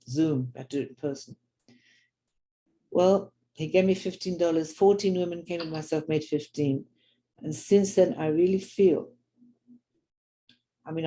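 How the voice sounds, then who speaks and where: A woman's voice: low voice, warm tone, poor audio. An older woman with a London accent telling personal stories earnestly, acting out the people she quotes. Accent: London English. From grew up in London. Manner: earnest storyteller who acts out quoted people. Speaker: Jewish women's teacher and speaker. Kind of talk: personal storytelling talk.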